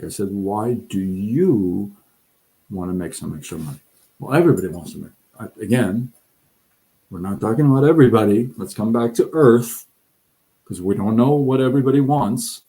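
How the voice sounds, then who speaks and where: Speaking with a warm, fairly low voice, the middle-aged host of a live side-income show talks straight to his viewers. His advice is blunt and forceful, he plays out other people's lines, and he occasionally trips over his words.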